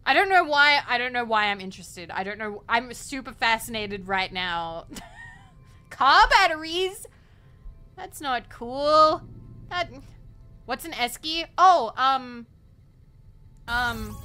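A woman's voice: high-pitched, pushed and bright. A young Australian woman streaming a game, chatting casually and rambling with lots of giggles. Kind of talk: casual gameplay chat.

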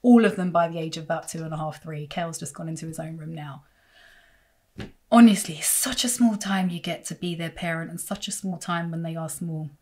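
Woman vlogger, kinda low voice, heated sweary rant to camera w mocking asides. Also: a little fast, a little mellow. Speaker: parenting vlogger. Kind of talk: casual opinionated monologue to camera.

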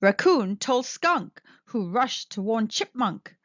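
A woman with a high, very lively voice reads a children's picture book aloud, swooping and playful. The recording is close and dry but a little dull and lo-fi. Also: slow pace, no echo. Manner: sing-song storytelling with big swings. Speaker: storytime host.

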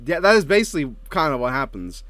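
Man, casual podcast banter, swears and laughs, bouncy pitch, higher voice. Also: fast talker. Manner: animated, joking, swears freely, laughs often. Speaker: co-host ranking show intros.

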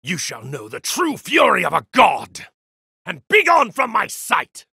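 An actor playing a haughty, contemptuous evil god in a hero's body, delivering slow, grandiose game voice lines. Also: male voice, high voice, wildly swooping pitch, creaky, sharp tone, husky, dry recording, studio quality, heavily acted. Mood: wrathful. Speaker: video game character.

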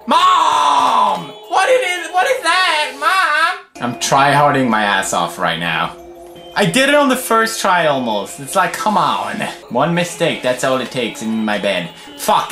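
A young man in his twenties with a Swedish accent, commentating a game while swearing, muttering low and yelling high. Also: huge pitch swings, slow, vocal fry, roomy sound, soft background music. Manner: loud, swearing, swinging between low mutters and high yells. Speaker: gaming video host. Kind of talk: gameplay commentary.

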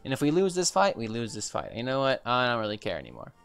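A man's voice: mid-range voice, huge pitch swings, fast talker, creaky, fairly bright tone, faint music behind. A young man streaming a video game, reacting with frustrated outbursts, swearing and repeated exclamations as things go wrong. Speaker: gaming streamer. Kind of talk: reactive gameplay commentary.

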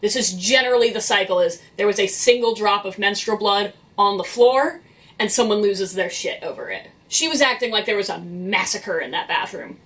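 A woman's voice: mid-range voice, normal speed, fairly bright tone, distant mic. Blunt, exasperated young woman venting. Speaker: vlogger who works in retail cleaning. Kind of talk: venting storytime vlog.

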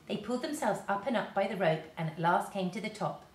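A woman, a teacher, reading a children's storybook aloud to her class in a lively, expressive way. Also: mid-range voice, quick pace, slight background noise. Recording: roomy echo.

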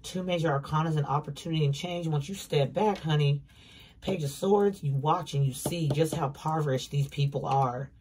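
A tarot reader delivers a casual reading in an emphatic, blunt manner. The voice sits at a middling pitch and leans on repetition and swearing for stress. A faint hiss runs under the recording. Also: normal speed, a little mellow.

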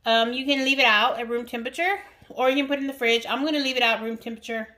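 A woman's voice: fairly high pitch, racing, pushed and bright, slight background noise. A woman vlogger chatting casually to viewers while cooking in her home kitchen. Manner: chatty, talks straight to viewers.

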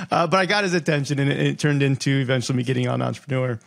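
A man's voice: a little high, fast talker, vocal fry, few pauses, fairly bright tone. A man hosting a podcast interview, chatty and friendly, laughing easily as he tells a story. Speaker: podcast host.

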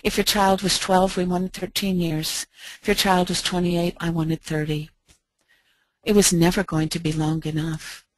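A middle-aged American woman telling a heartfelt personal story in a gentle, slow, reflective way with soft pauses. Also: on the low side, level tone, dry recording. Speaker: speaker.

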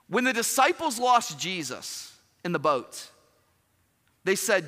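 A man preaching a sermon as pastor, animated, acting out quoted dialogue and asking the congregation questions. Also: sits high, moderate pace. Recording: long hall reverb.

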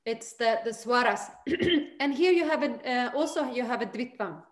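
A woman teaching a group chanting lesson over a video call, patient and encouraging, demonstrating each line slowly. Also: on the high side, lively intonation, reverberant.

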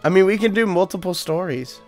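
A young man reads a goofy story aloud and keeps breaking off for jokes. His voice sits a little higher than most men's. Faint music plays underneath. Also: lively intonation, fairly quick. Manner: jokey, giggly, reads story text aloud with asides. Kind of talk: casual chat reading an AI story aloud.

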